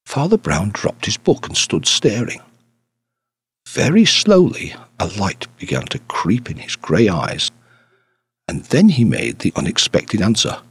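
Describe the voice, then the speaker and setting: A man narrating a classic detective story audiobook in an expressive storytelling manner. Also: medium pitch, unhurried, slightly rough, no room sound. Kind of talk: scripted narration.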